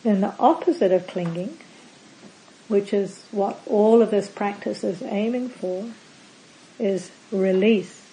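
Calm, mellow-voiced woman meditation teacher. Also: medium pitch, slight background noise, poor audio. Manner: calm, measured, lists words one by one with falling endings. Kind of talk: dharma talk to a live group.

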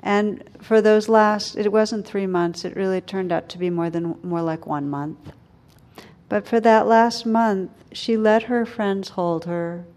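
A woman giving a dharma talk as a meditation teacher, speaking gently and reflectively with soft, slow pauses. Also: medium pitch.

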